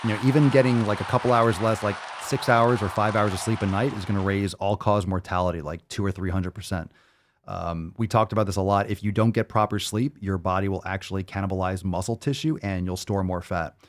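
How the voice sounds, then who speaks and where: A man's voice: deep voice, steady tone, fairly quick, background noise. A male podcast host ranting bluntly and profanely in a monologue.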